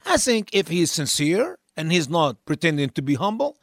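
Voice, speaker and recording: A man comments on lecture clips in a high, lively voice, pressing each point in a lecturing tone. The recording is dry and close. The delivery stays insistent throughout. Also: moderate pace, no echo.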